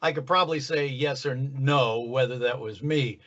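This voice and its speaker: A man being interviewed about his voice work, telling stories in a relaxed, self-deprecating way. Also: mid-range voice, moderate pace, lo-fi sound. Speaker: voice actor guest. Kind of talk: casual interview.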